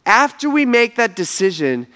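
A man's voice: very high voice, sing-song, moderate pace, sharp tone. A man preaching a sermon in a casual, conversational, slangy way, telling the story with animation. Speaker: pastor.

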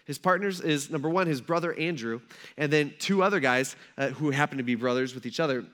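A man's voice: fairly high pitch, a little fast, fairly bright tone. A male pastor preaching a sermon in a conversational storytelling manner, with plenty of casual asides.

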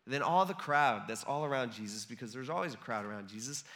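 A man's voice: medium pitch, expressive, fast, a bit bright. A man giving a casual, conversational sermon to a live audience, acting out the voices he quotes. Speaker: preacher.

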